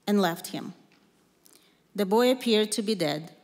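A woman reading a scripture passage aloud in a church service, steady and narrative. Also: medium pitch, measured pace, pauses often. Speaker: scripture reader. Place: church sanctuary. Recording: long church reverb.

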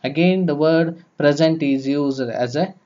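A man teaching a grammar lesson, explaining slowly and repeating points step by step. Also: on the high side, a little mellow. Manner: slow, repetitive, explaining step by step. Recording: dull lo-fi recording.

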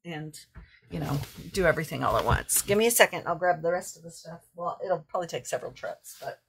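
A woman's voice: low voice, animated, quick pace, gravelly, a little hiss or hum. A woman craft vlogger chatting casually and ramblingly as she shows off her thrift finds, often correcting herself. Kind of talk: casual show-and-tell haul.

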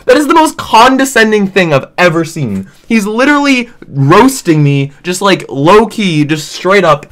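Animated young man ranting jokingly. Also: sits high, normal speed, few pauses. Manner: animated, exaggerated, jokey, many fillers like "like" and "dude". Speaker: gaming streamer. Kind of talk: casual comedic rant.

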